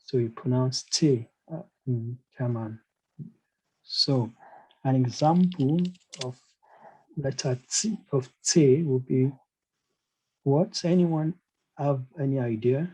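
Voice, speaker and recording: Slow, hesitant male language teacher. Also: medium pitch, warm tone, husky, poor audio. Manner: hesitant, many fillers and "you know"; asks learners questions, encouraging. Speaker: German teacher. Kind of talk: online language lesson.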